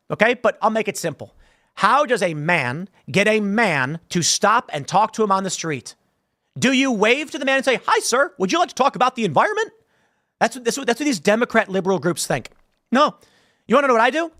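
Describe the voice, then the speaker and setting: A man hosting an animated political commentary show, blunt and conversational, with a sarcastic edge. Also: high voice, no echo, clean studio sound. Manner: sarcastic, mocks canvassers with impressions.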